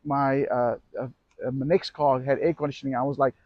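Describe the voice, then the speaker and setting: A man's voice: mid-range voice, flat delivery, fairly quick, no room sound, muffled recording. A middle-aged man who runs an e-bike shop, telling a personal story casually to camera, rambling and correcting himself as he goes. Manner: rambling, self-correcting anecdote with acted quotes.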